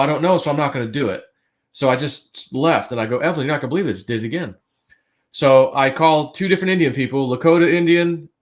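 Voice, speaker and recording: Man, casual livestream storyteller, animated, acts out quotes, hushed then loud. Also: mid-range voice. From United States.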